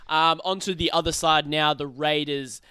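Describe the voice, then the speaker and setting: A man's voice: fairly high pitch, steady tone, normal speed, pushed and bright, smooth, no echo. A man co-hosting a casual sports podcast, talking with frequent ums and hesitations. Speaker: podcast co-host.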